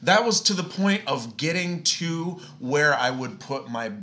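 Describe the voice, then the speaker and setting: A man's voice: a little high, lively intonation, a little slow, pushed and bright, slight background noise. A man in his late thirties telling a travel story in a casual podcast chat, swearing and ranting with exasperation. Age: 30s. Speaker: podcast guest.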